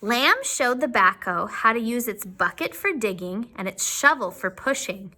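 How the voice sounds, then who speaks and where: A woman teacher reading a picture book aloud to young children, with asides to them. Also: a little high. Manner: slow, expressive, with asides to the children.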